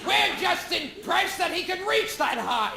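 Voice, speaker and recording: A man performing a stand-up comedy routine in a shrill, shouting delivery. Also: big pitch swings, unhurried, gravelly, over a noisy crowd, very noisy. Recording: echoey live room with audience laughter.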